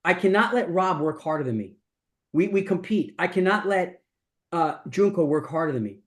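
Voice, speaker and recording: A middle-aged business coach talks casually and emphatically during a masterclass, rambling and restarting often. His voice is high-pitched with lively intonation, at a normal speed.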